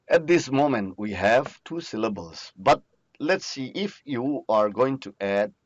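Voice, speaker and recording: A man's mid-range, slightly rough voice swings widely in pitch as he delivers a slow, patient recorded lecture, answering questions he puts to himself. It's captured as a dry, muffled lo-fi recording.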